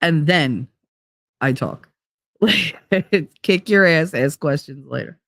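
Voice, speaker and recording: A woman's voice: sits low, expressive, slow, creaky, a bit bright, dry recording, studio quality. Blunt, profane woman streamer. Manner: blunt and profane, laughs often. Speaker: live streamer. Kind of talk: casual live-stream chat.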